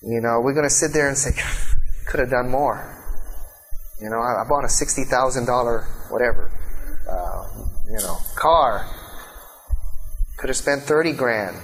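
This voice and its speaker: A man's voice: mid-range voice, moderate pace, a bit bright, slight background noise, poor audio. Earnest male Bible teacher preaching. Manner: earnest, conversational preaching with frequent "you know" asides. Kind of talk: sermon-style teaching talk.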